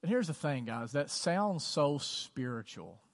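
A pastor speaking to his congregation in an earnest, conversational sermon. His voice sits a little high for a man and often repeats a phrase to drive it home. The sanctuary gives it a long, ringing reverb. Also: very animated, a little slow, vocal fry. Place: church sanctuary.

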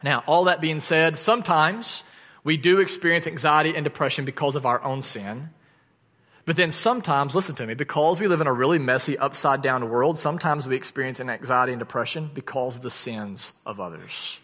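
A man in his thirties preaching a sermon, telling a personal story in an earnest, animated way that falls to quiet intensity. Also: a little high, brisk. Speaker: pastor. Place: church sanctuary. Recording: church hall reverb.

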